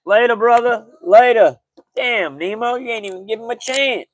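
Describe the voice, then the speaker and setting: A man hosts a casual livestreamed sports talk show. His voice sits on the high side. He talks loosely and in slang, greeting his chat by name as he goes. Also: moderate pace, low-quality recording. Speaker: podcast host.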